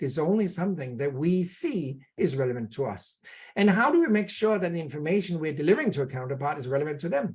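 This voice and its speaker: A man giving a keynote lecture on negotiation, asking the audience questions and sometimes stumbling over and repeating his words. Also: a little high. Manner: lively, asks the audience questions. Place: remote keynote session.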